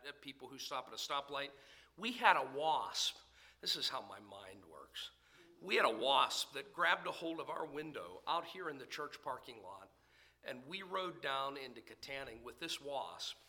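A man preaching a sermon in church as pastor, swinging between loud emphasis and hushed near-whispers. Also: on the high side. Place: church sanctuary.

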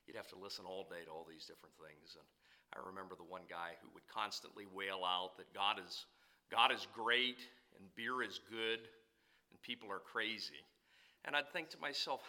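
A young man preaching a sermon, moving between loud emphatic declarations and quieter conversational asides to the congregation. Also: low voice.

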